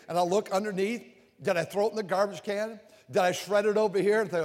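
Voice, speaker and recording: An older male preacher giving a sermon, animated and repetitive, swinging from loud outbursts to hushed confessions. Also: high-pitched, fast. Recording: long reverb of a large hall.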